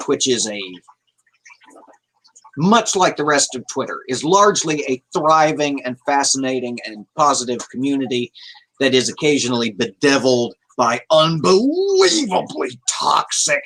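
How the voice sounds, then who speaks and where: A man's voice: medium pitch, bright, forceful tone, poor audio. A man hosting a casual livestream, rambling as he reads out chat messages and swears offhandedly. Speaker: livestream host.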